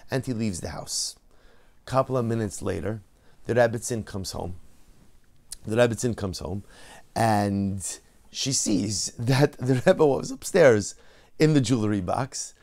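A man who is a rabbi, telling a story in a sermon in an animated, dramatic way. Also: mid-range voice, creaky.

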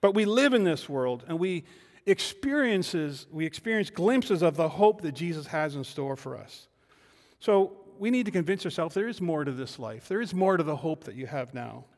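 A man, the lead pastor, preaching a sermon, building from quiet reflection to loud emphatic declarations with rhetorical questions. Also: on the high side, expressive, moderate pace, big-room sound. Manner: rhetorical questions answered in turn. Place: church sanctuary.

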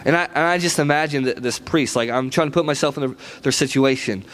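A man's voice: medium pitch, fast, a bit bright. A man preaching a sermon in a conversational, storytelling way, often checking in with "right?".

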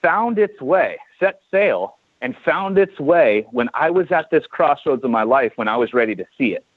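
A man's voice: medium pitch, expressive, normal speed, no echo. A man in his forties from California, a chiropractor guest telling a story in a casual interview and acting out the dialogue. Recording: tinny phone-like dry line.

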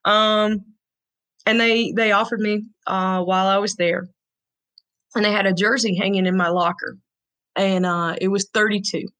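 A woman's voice: mid-range voice, fairly even intonation, moderate pace, fairly bright tone, poor audio. Earnest woman telling a heartfelt story. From Tennessee, USA. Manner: earnest, emotional, frank. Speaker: guest.

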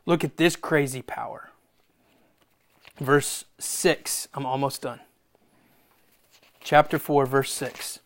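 A preacher delivering a sermon, reading scripture and explaining it, often repeating phrases for emphasis and swinging between loud, emphatic bursts and hushed, near-whispered lines. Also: medium pitch, fairly even intonation, slow, pauses often. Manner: reads scripture aloud with commentary.

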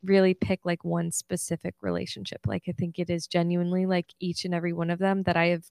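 A woman's voice: fairly low pitch, level tone, quick pace, gravelly, darkish tone, no echo. A young woman co-hosting a podcast, talking in a rambling, earnest way with lots of "like". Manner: rambling, earnest, heavy use of "like". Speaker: podcast co-host. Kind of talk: casual chat.

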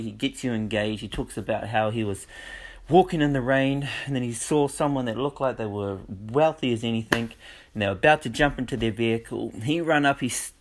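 A man talking casually to listeners, telling stories with lots of energy and frequent laughs. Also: mid-range voice. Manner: animated storytelling with frequent laughs. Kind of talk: casual monologue.

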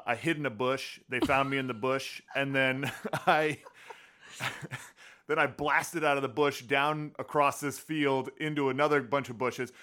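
A man hosting a podcast, telling his own story in animated casual chat, laughing often. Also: medium pitch, clear, resonant tone. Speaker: podcast host.

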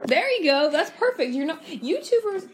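A woman co-hosting a casual home video with her sister, teasing her and telling her to slow down. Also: high-pitched, big pitch swings, noisy background. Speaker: co-host of a home video channel. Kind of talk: casual chat.

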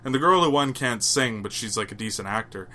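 Homem falando de forma animada, voz brilhante. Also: male voice, fairly low pitch, lively intonation, a little fast, bright, forceful tone, a little hiss or hum. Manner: rambling, swears casually, playful. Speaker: podcast co-host. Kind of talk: casual chat.

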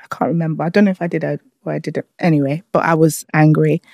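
A woman's voice: low voice, fast talker, vocal fry, dry recording, studio quality. A young British woman casually telling a story on a podcast, acting out what people said to her. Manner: animated storyteller, acts out quoted dialogue. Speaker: podcast guest, former bride.

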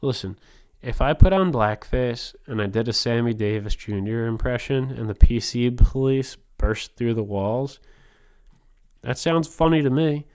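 A man's voice: mid-range voice, unhurried, a little mellow, clean tone. A man hosting a podcast, delivering a rambling, crude and provocative comedic monologue. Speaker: podcast host.

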